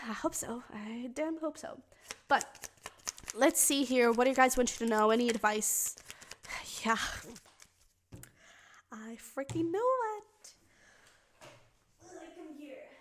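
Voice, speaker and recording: A woman with a fairly high voice reads tarot cards for her viewers. She thinks out loud and sounds emotionally invested as she speaks directly to the listener. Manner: chatty, thinks aloud while reading the cards. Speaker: tarot reader. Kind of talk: pick-a-card tarot reading to viewers.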